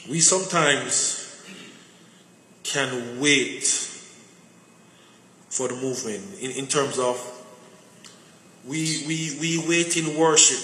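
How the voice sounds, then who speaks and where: A man's voice: medium pitch, pushed and bright. A man preaching a conversational sermon full of personal stories, often repeating words as he searches for them. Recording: echoey hall with faint noise.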